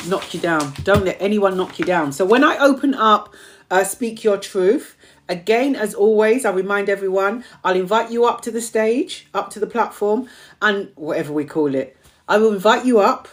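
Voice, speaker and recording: A woman hosting a motivational live stream, emphatically repeating affirmations to her community, her voice strained and tiring. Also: medium pitch.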